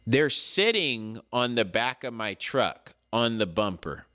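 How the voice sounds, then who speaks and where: A man telling a story in a casual chat, animated and slangy, acting out the people in it. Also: medium pitch, slow. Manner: animated, acts out the people in his stories. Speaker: podcast co-host.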